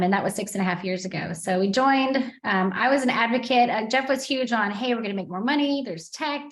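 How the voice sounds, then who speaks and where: Woman, guest on a call, chatty storytelling, slightly high voice, roomy sound. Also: a bit bright. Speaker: guest, real estate team leader. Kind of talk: video call interview.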